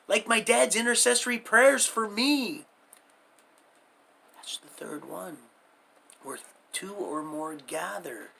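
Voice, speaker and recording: Middle aged guy on his stream, rambly preachy storytelling, gravelly voice, faint noise behind. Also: high voice, takes it slowly, pauses often, pushed and bright. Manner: folksy, preachy, addresses viewers as beloved. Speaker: livestream host.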